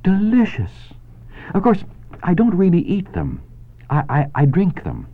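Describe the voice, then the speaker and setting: A man's voice: high voice, wildly swooping pitch, a little slow, voice pushed up, exaggerated voice. A man doing a thin, pleasant spider lady. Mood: matter-of-fact. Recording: tinny phone-like line.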